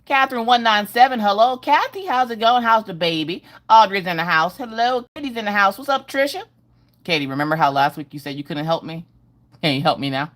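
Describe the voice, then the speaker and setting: A woman's voice: mid-range voice, animated, brisk, a bit bright. A middle-aged woman hosting a casual livestream from home, greeting viewers by name in a sing-song way. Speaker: livestream host.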